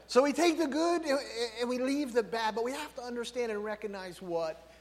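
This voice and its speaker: A man preaching a sermon, loud and emphatic, often checking in with his listeners. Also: very high-pitched, fairly quick. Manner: loud, emphatic, tag questions. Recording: long hall reverb.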